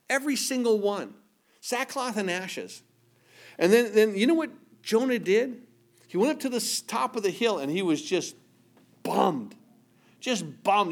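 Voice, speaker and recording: A man preaching a sermon in a lively storytelling way, acting out the people in the story with sudden swings between loud and soft. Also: sits high.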